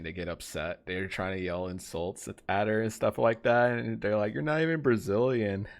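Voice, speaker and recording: A man's voice: deep voice, gravelly. A man streaming a game, chatting casually with his viewers. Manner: chatty, trails off quietly, then greets chat brightly.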